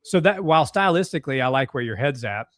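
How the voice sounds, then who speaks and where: A young man co-hosting a live fight watch-along from home, calling strikes excitedly and reading out chat comments. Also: medium pitch, fast, no room sound, studio quality. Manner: excitable, gasping at big strikes.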